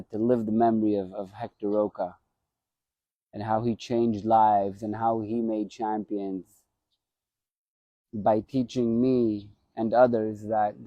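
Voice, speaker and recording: A man's voice: lowish voice, dry recording, highs cut off. A former boxer talking casually on a live stream, rambling and repeating his phrases as he reminisces.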